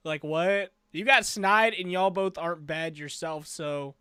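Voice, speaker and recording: This man hosts a casual review podcast with a fairly high voice for a man. He talks in an animated, joking way and keeps slipping into acted-out character lines. The sound is dry and close, with no room around it. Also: normal speed, few pauses, clean tone, dry recording. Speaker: podcast host.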